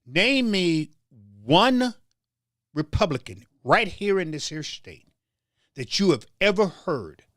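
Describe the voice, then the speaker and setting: A man's voice: sits high, sing-song, takes it slowly, long pauses, a bit bright, dry recording, studio quality. A man hosting a political talk show, delivering a heated commentary monologue with stammered restarts and a preacher-like rhythm. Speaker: show host.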